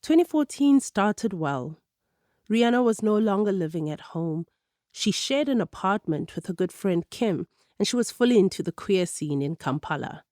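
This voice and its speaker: A woman narrating a radio documentary in a measured, clear storytelling manner. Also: medium pitch, lively intonation, darkish tone, dry recording, clean studio sound.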